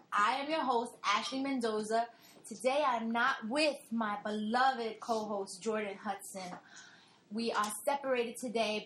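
A woman hosting a fan podcast from a family gathering at home, emotional and quick to laugh. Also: a little high, a bit bright, reverberant, slight background noise, rough recording. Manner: emotional, gushing, laughs often. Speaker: podcast host. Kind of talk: casual chat.

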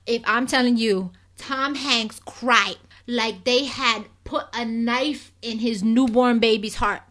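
A woman co-host with a slightly high voice takes it slowly while recapping a soap opera on a casual chat show. She's animated and addresses her listeners as "people."

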